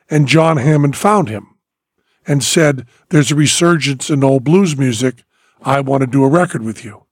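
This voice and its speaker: A man's voice: on the high side, husky, no echo, studio quality. A man hosting a podcast, telling long rambling stories with lots of energy and breaking into bits of songs. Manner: animated storyteller, bursts into sung snippets. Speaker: podcast host. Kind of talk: casual chat.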